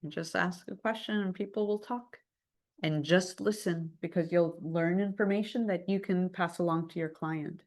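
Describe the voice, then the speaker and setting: A woman with a fairly low voice teaches a live class in a relaxed, chatty way. She acts out quick phone calls as she goes, and she sounds lively and conversational throughout. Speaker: real estate trainer.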